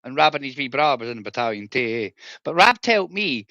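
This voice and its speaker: Sweary Scottish man ranting forcefully. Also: mid-range voice, very animated, a little fast, no room sound, highs cut off. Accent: Scottish, Edinburgh. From Scotland. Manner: profane, confrontational, storytelling. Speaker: streamer, former soldier. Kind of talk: ranting livestream monologue.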